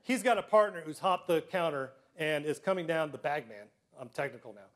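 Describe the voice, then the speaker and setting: A middle-aged man telling personal stories to a live audience, self-deprecating, with comic timing and frequent throat clearing. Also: a little high, expressive, a little fast. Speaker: storyteller.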